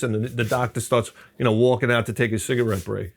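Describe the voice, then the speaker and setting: A man's voice: medium pitch, brisk, a little mellow. A middle-aged man telling rambling, profane comic stories and acting out quoted people in other voices. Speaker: channel host. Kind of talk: rambling comedic storytelling.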